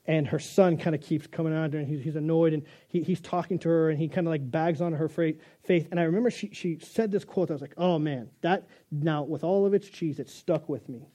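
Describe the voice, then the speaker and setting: A man's voice: a little high, fairly even intonation, a little fast, hardly any pauses, warm tone. A male pastor delivering a conversational sermon, joking and restarting as he goes.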